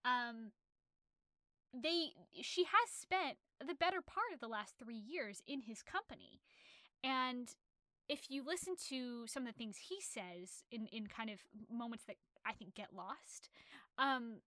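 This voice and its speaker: Bright, chatty woman discussing a novel. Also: a little high, measured pace, no room sound, clean studio sound. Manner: chatty, animated retelling with frequent fillers. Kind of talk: casual literary discussion.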